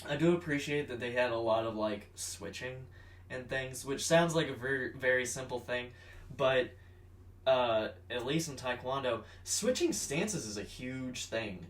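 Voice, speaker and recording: A man co-hosting a podcast in casual chat, relaxed and wry while explaining martial arts details. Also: medium pitch, measured pace. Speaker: podcast co-host. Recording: roomy room, mic at a distance.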